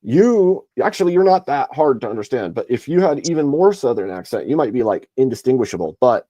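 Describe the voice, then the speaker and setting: A man's voice: medium pitch, sing-song, brisk, dark tone, dry recording, muffled recording. A man teasing his friends on a live stream panel, exclaiming, swearing and laughing.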